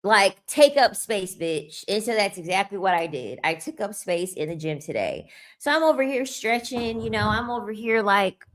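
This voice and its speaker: A woman's voice: medium pitch, big pitch swings, normal speed. A young woman vlogging a blunt, profane, mocking rant to the camera. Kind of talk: ranting commentary.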